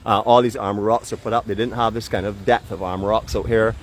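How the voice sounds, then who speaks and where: This is a middle-aged man from Barbados speaking with a Barbadian accent and a somewhat low voice. He narrates a live stroll outdoors in a chatty, teasing way, mixing guide tips with mock boasts. Faint street and traffic noise sits behind him. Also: steady tone, quick pace. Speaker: vlog host and walking guide. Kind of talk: live walking tour narration. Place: outdoors by a seaside port in a town.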